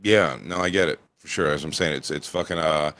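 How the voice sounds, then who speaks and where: A man's voice: a bass voice, a little fast, fairly bright tone. A man in his forties, co-hosting a comedy podcast with crude, laid-back banter. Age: 40s. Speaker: podcast co-host. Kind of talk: casual comedy podcast chat.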